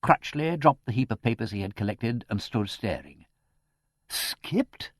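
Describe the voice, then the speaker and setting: A man reading an audiobook in a measured, expressive narration. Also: lowish voice, no room sound, clean studio sound. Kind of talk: scripted narration.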